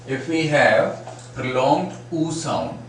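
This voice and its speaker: In a phonetics class lecture, a man speaks slowly in a lively mid-range voice, patiently saying example words again and again to demonstrate every sound. He's far from the mic in a heavily echoing room, with a little background noise.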